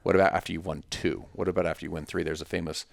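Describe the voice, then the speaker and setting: A man's voice: low-pitched, flat delivery, very fast, gravelly, no room sound. A man talking as a podcast guest in casual conversation, emphatic and story-driven, with punchy repetitions.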